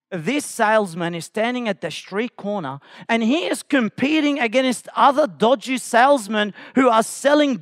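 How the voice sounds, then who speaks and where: A man preaching a sermon as pastor, impassioned, rising to shouts when voicing the call to come. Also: very high voice, no room sound, clean studio sound.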